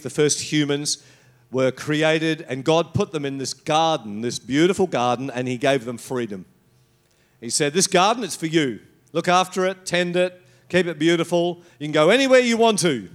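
A middle-aged man, born in England, preaching a sermon in a storytelling way. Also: on the high side. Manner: storytelling, with brief put-on voices and accents. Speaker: pastor.

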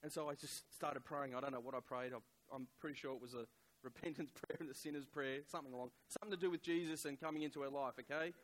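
A middle-aged man preaching a sermon, telling a personal story in a conversational, halting way with many fillers. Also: medium pitch, steady tone, a little hiss or hum, poor audio.

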